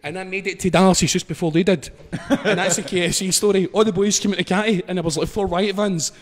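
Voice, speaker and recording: A man's voice: sits high, steady tone, quick pace. A young Scottish man telling a story in casual chat, sweary and laughing as he goes. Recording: long reverb.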